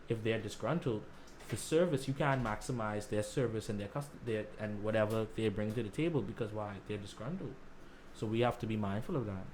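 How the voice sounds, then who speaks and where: A man's voice: mid-range voice, a little mellow, a little hiss or hum. A man speaking earnestly as a panelist, repeating words as he searches for them. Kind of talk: panel discussion.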